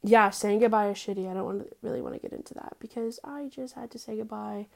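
Young woman host, brash, foul-mouthed, chatty confessional monologue, mid pitch. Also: fairly even intonation, fast, vocal fry, darkish tone. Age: young adult. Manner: profane, sassy, rambling, slangy.

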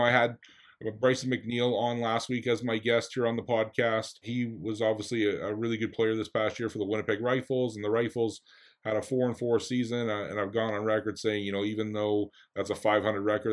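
A man's voice: on the low side, flat delivery, fairly quick. A man hosting a casual podcast interview. He is also a football coach and asks long, rambling questions.

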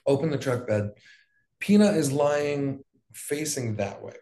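A young man from Hawaii recounts events in loose, casual talk, stopping for fillers and dropping curse words as he goes. His voice sits in an ordinary middle pitch. The room around him rings with a noticeable echo. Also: expressive, unhurried, mellow. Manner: loose, profane, rambling with fillers. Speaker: wildfire survivor guest. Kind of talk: casual storytelling. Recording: echoey room.

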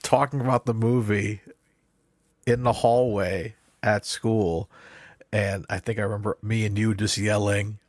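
A man's voice: on the low side, flat delivery, unhurried, no room sound, clean studio sound. A man in his thirties co-hosting a casual movie podcast, rambling into side stories and laughing a lot. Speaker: podcast co-host.

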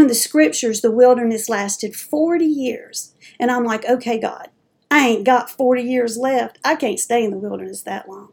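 Woman, middle-aged, raised voice, gravelly fry, folksy earnest storytelling. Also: on the high side, darkish tone. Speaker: dementia advocate and speaker. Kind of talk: personal faith-based talk.

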